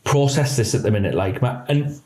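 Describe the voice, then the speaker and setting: A man's voice: medium pitch, a little fast, slight background noise. Man telling his story, echoey room. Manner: animated storyteller, acts out quoted voices. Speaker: police officer guest. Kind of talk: candid podcast interview.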